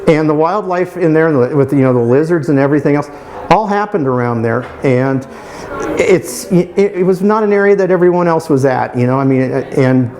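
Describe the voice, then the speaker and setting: Man in his fifties, halting fond recollection. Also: fairly high pitch, a little mellow. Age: 50s. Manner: halting, with many restarts and "you know" fillers; fond, admiring. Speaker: alumnus interviewee. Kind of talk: reminiscing interview answers.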